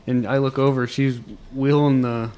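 A man's voice: medium pitch, little pitch movement, normal speed, dark tone, clear, resonant tone. A tired man hosting a casual after-work chat, rambling through stories and restarting his sentences. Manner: rambling storyteller, trails off and restarts.

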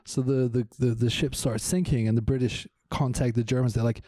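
An easygoing man with a mid-pitched, mellow voice, co-hosting a comedy podcast and telling rambling jokes. He laughs readily, and the recording is dry and close. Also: steady tone, brisk, no room sound. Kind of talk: casual comedy podcast banter.

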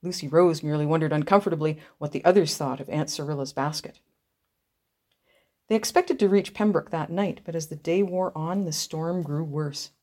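A woman narrating a story aloud in a measured, expressive reading. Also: deep voice.

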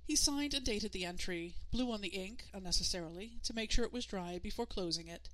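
A woman's voice: mid-range voice, brisk, a bit bright. Woman narrating an audiobook.

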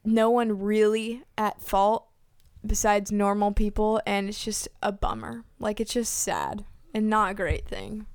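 A woman's voice: medium pitch, fairly even intonation, unhurried, few pauses, clean tone, no echo, studio quality. A teenage girl co-hosting a podcast, chatting casually and laughing easily. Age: teens. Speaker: podcast co-host.

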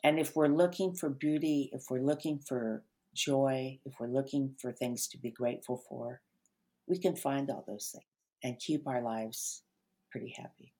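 An older woman, an author and therapist, talking gently and unhurriedly in an interview, her sentences trailing off softly. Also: extremely low pitch. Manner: gentle, unhurried storyteller with soft trailing endings. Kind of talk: reflective interview talk.

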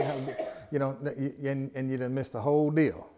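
A man's voice: mid-range voice, fairly even intonation, fast talker, hardly any pauses, crowd noise. A man with a Southern US accent preaching a sermon as pastor, in a folksy, conversational way with repeated phrases and asides.

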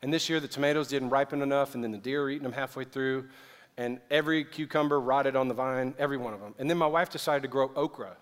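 A man from the American South preaching a sermon, swinging from loud, urgent emphasis to hushed asides. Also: medium pitch, quick pace, clean tone. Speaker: pastor. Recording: long reverb of a large hall.

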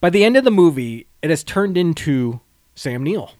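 A man's voice: fairly high pitch, very animated, normal speed, a little mellow, no room sound, studio quality. A man co-hosting a podcast, chatting casually about a film in a blunt, crude, jokey way and laughing often. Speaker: podcast co-host.

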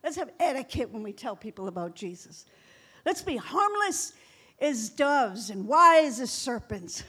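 A woman's voice: fairly high pitch, sing-song, a little slow, bright, forceful tone, breathy edge. A middle-aged woman pastor preaching a sermon, telling stories in a chatty way and laughing often.

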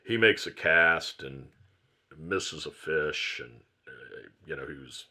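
Low-voiced man telling a fishing story. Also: expressive, slow, sharp tone. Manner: rambling storyteller, self-correcting. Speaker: guest, fly shop owner. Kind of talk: storytelling in a podcast interview.

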